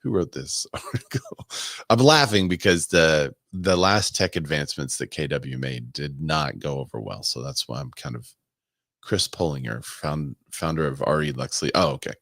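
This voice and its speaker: A man with a very low, deep voice hosts a relaxed talk show. He reads comments and articles aloud and breaks off into chatty asides. The sound is dry and close. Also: normal speed, gravelly, dry recording. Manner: conversational, laughs and asides while reading aloud. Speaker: podcast host. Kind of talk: casual chat reading comments and articles.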